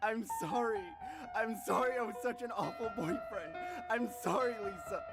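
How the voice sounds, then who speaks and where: A man acting out a panicked young boyfriend who shouts and pleads desperately in a horror story. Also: sits high, moderate pace, over loud music, pitched above the performer's own voice. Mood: frantic. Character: panicked young man begging his girlfriend.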